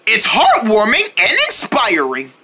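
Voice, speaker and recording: A woman narrating a homemade DVD trailer in an excitable, playful way, breaking into shouts and sound effects. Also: mid-range voice, unhurried, background noise.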